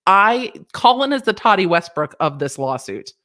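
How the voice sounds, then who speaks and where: A woman's voice: mid-range voice, big pitch swings, moderate pace, a bit bright. A woman lawyer, giving sassy, playful reaction commentary on a news story, close to a desk mic. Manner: sassy, playful, chatty with asides.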